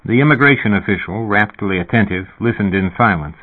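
A man reading science fiction as an audiobook narrator in a steady, even storytelling manner, over a phone-like narrow sound. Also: lowish voice, a little fast, husky.

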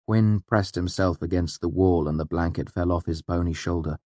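Deep-voiced male audiobook narrator. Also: fairly even intonation, normal speed, hardly any pauses, darkish tone, no room sound. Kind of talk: scripted narration.

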